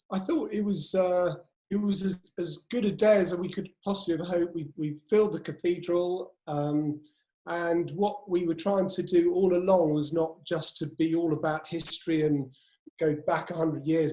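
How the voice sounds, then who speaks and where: A high-pitched man chats wryly and pokes fun at himself as a panel guest. His voice rings with a clear room echo. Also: dark tone. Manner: self-mocking, wry. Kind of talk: casual panel chat. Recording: roomy echo.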